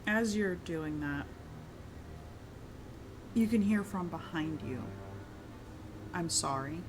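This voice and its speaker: A woman's voice: fairly low pitch, slow, background noise. A woman narrating as game master of a tabletop game, casual and hesitant, with many fillers. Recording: music playing behind.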